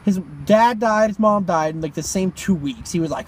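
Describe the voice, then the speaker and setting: A teenage man co-hosting a podcast, telling a story casually, swearing a lot and shouting out the lines he quotes. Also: high-pitched, fairly quick, a crowd in the background. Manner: animated, profane, acts out quotes in shouts. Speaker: podcast co-host.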